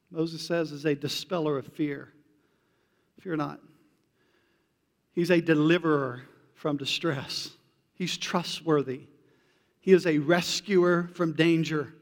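A man with a high voice preaches a sermon, talking to his congregation in a loose, conversational way. His delivery moves from hushed to emphatic. The sound carries a long reverb, as in a large hall. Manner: conversational preaching with casual slang. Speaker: pastor.

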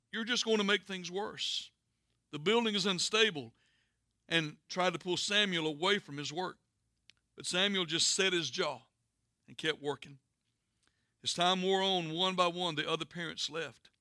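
A man preaching a sermon, telling a story earnestly with dramatic pauses and hushed endings. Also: a little high, no echo, studio quality. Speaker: pastor.

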